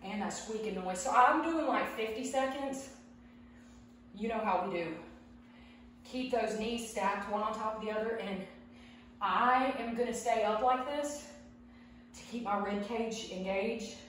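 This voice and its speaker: A woman's voice: fairly high pitch, a little slow, pauses often, recorded from a distance. A chatty woman talks through a home workout, out of breath as she goes. Her voice rings around a very echoey room and sits well back from the mic. A faint hum of room noise runs underneath. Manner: chatty, talks while exercising. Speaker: fitness vlogger. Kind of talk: casual workout instruction.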